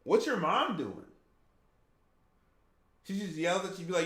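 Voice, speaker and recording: A man's voice: high-pitched, animated, a little slow, a bit bright. Chatty male game streamer, echoey room. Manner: chatty, reacts to chat with laughs. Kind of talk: casual game stream chat.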